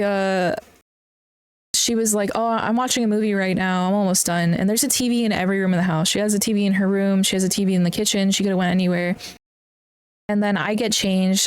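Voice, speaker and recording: A young woman hosting a podcast recounts a personal story bluntly, swearing heavily and plainly upset as she tells it. Her voice is medium-pitched with a clean tone.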